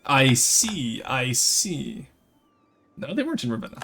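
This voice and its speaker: A young man streams a strategy game, narrating his moves and greeting viewers as they arrive. His pitch jumps around with lots of life while staying mid-range for a man. A faint hiss sits under his voice. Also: a little slow, gravelly. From rural Canada. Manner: lively, chats with viewers while playing. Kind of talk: live gameplay commentary.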